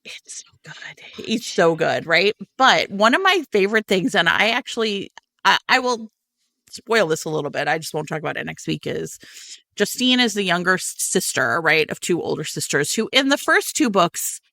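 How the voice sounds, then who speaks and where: A woman co-hosting a podcast in casual chat, animated and swearing freely. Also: lowish voice, moderate pace, vocal fry, no echo. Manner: animated, swearing, exaggerated quoting. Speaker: podcast co-host.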